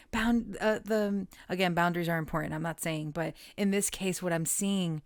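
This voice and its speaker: Low, soft-spoken woman reading tarot. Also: steady tone, normal speed, few pauses, no room sound, studio quality. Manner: soft-spoken and musing, trailing off and restarting. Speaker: tarot reader.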